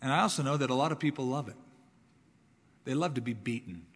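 A man's voice: medium pitch, animated, fast talker, slightly rough. Emphatic man preaching in a hall. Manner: emphatic, repeats words for stress, shifts between loud and soft. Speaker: pastor. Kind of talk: sermon.

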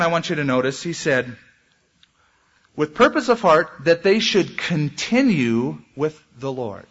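Male pastor, sermon, husky voice, lively pitch, dull lo-fi recording. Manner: animated preaching with dramatic pitch swings.

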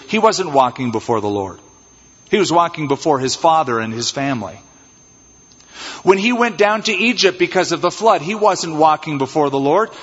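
A man preaching an expository sermon as pastor, animated and acting out little scenes in changed voices. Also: on the high side, husky. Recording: dull, reverberant church hall sound.

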